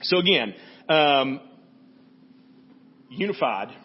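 A man's voice: a little high, animated, slow, husky, dull audio. A man preaching a sermon as pastor, talking to the congregation in a conversational way and often checking in with "right?". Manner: conversational, frequent "right?" asides.

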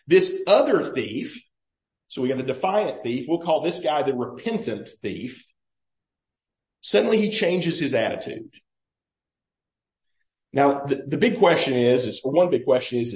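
Male pastor, sermon, conversational and questioning, fairly high voice, roomy church echo. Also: a little mellow. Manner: conversational preaching, explains and questions the listeners. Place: church sanctuary.

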